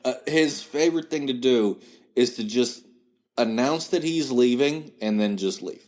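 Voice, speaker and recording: A man with a West Virginian drawl, relaxed in a casual chat. He tells family stories with a chuckle in his voice and acts out what his relatives said. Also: medium pitch, measured pace. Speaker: podcast guest.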